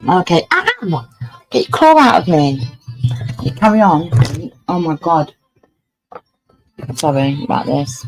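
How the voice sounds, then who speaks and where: Gravelly woman chatting on a livestream. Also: lowish voice, sing-song, takes it slowly, pauses often, faint music behind, rough recording. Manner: chatty, swears freely, scolds her cat mid-talk. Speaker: livestream host. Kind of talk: casual livestream chat.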